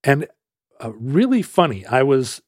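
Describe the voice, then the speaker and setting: In a mid-range voice, a little slow, a male podcast host spins a long story on his casual talk show, animatedly acting out the voices of each character. The studio-quality recording has no room sound.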